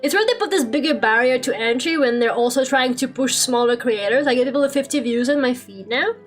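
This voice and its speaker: High-voiced young woman, rambling. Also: a little fast, faint music behind. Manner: rambling, swears a lot, laughs often. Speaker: streamer. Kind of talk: casual chat while drawing on stream.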